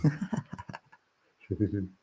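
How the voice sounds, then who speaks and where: A man's voice: fairly low pitch, expressive, drawn-out words, mellow, breathy edge. A man hosting a casual livestream, joking, rambling and laughing often, sometimes singing along loosely. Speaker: livestream host. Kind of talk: casual live stream chat.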